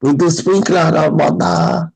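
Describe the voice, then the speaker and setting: A man's voice: on the high side, steady tone, gravelly, darkish tone, breathy edge, full character voice. Man putting on a whiny older coworker. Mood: plaintive. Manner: halting, plaintive. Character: older male coworker in broken speech, whiny.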